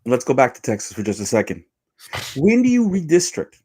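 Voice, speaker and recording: A man's voice: mid-range voice, huge pitch swings, brisk, a little mellow, breathy edge. A man co-hosting a podcast, making an emphatic, argumentative case in political discussion. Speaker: podcast co-host.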